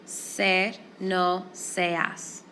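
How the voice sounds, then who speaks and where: A woman teaching a Spanish grammar lesson, explaining each step in a clear, steady way. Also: lowish voice, very slow, a little hiss or hum.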